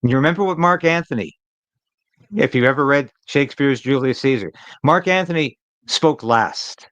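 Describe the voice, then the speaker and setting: A man's voice: medium pitch, moderate pace, a bit bright, no echo, low-quality recording. A man hosting a live political commentary stream, talking in an emphatic, opinionated way and repeating phrases to drive a point home.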